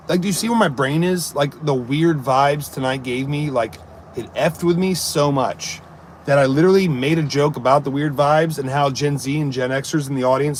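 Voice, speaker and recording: A man's voice: medium pitch, slight background noise. A man and amateur comic chatting on a live stream, telling rambling jokey stories and answering his viewers. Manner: jokey, rambling storyteller who chats to viewers.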